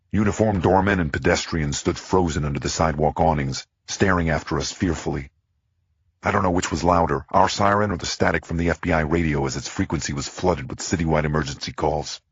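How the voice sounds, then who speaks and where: A man narrating a crime thriller audiobook in the first person, tense and measured. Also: a bass voice, husky, no echo, dull audio.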